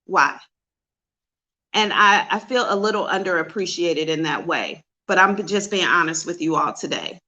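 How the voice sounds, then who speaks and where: A psychic host opens her heart to her livestream audience, speaking straight into the camera. Her voice sits a little low but comes across bright and tense. She talks in a direct, confessional way. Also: expressive, normal speed. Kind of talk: heartfelt livestream talk to viewers. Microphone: webcam.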